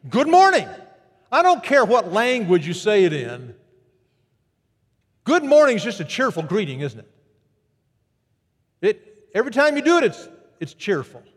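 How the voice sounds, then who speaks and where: A man preaching a sermon, animated and storytelling, who jumps his pitch up high to act out quoted greetings. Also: moderate pace, pauses often, in a large hall. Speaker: pastor.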